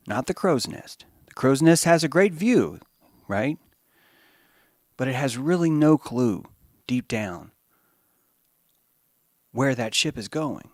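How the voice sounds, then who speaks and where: Animated, profane male podcast host. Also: mid-range voice, slow, long pauses, no room sound, studio quality. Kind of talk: monologue commentary.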